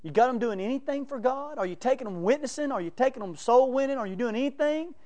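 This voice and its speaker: A man's voice: very high voice, lively intonation, fast, a little mellow. A man preaching a sermon, telling folksy stories and laughing between them. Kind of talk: sermon with storytelling.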